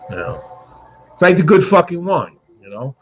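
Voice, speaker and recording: A man's voice: on the high side, big pitch swings, moderate pace, lo-fi sound. A man in casual, profane live-stream chat who rambles and keeps asking "right?".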